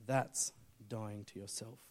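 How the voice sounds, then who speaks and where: A man preaching a sermon, telling a story and swinging between urgent loud appeals and hushed, intense moments. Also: on the low side, fairly even intonation, slow pace. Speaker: pastor.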